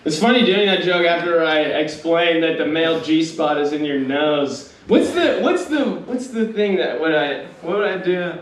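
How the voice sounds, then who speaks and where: A man's voice: a little high, expressive, moderate pace, hardly any pauses, distant mic, slight background noise. A man doing a stand-up comedy set in a small club, laughing often and bantering with hecklers. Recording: echoey room mic with crowd. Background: audience laughter.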